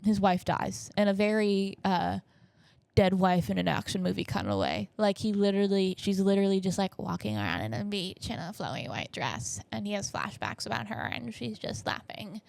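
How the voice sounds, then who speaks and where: A woman's voice: medium pitch, animated, moderate pace, creaky, a little mellow, no echo. A young woman hosting a podcast, telling stories in a rambling, jokey, self-correcting casual chat. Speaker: podcast host.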